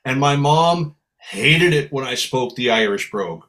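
A man's voice: mid-range voice, measured pace. A middle-aged American man telling casual stories as a guest on a talk show, slipping into playful voices for the people he quotes. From United States. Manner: animated storyteller slipping into Irish brogue for quotes. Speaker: guest musician. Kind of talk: casual storytelling chat.

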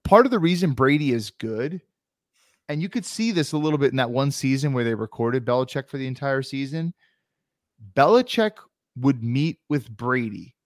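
A man's voice: medium pitch, animated, normal speed, dry recording, studio quality. A man co-hosting a sports podcast in casual chat, arguing his points at length. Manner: argumentative, explains at length. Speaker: podcast co-host.

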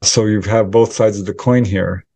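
A man, a researcher and author, answering interview questions as a lively storyteller who acts out the voices of people in his account. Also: on the low side, moderate pace, creaky. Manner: animated storyteller acting out quoted dialogue. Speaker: UFO researcher and author, guest.

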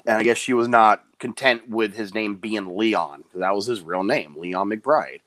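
In a relaxed interview, the guest, a clown by trade, spins lively stories and jumps into fast, high-pitched voices to quote people. The audio has no room sound.

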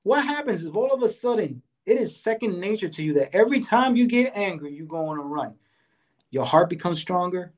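A high-pitched, animated man speaks briskly while co-hosting a relaxed conversation about anger, offering casual advice. He talks earnestly, often checking in with "right?" and "you know," and he enjoys exercise and talks about fitness.

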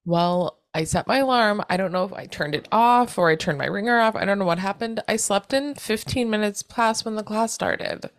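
A woman's voice: mid-range voice, normal speed, few pauses, no room sound. Woman telling a chaotic day story. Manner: animated storytelling with casual swearing; acts out others' lines in quoted voices. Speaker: podcast co-host. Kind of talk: casual chat.

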